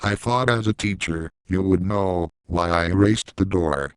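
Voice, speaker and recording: A man's voice: deep voice, a little slow, clear, resonant tone, dry recording. A man reading a little girl turned eraser supervillain. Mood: menacing.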